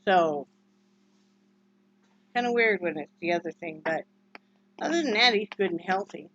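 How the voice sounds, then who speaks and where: A woman from Wyoming vlogs casually at home, rambling and short on sleep, often slipping into fond baby talk with her dog. Her voice sits on the low side, a bit bright, with lively intonation at a moderate pace. The home recording is dull and lo-fi.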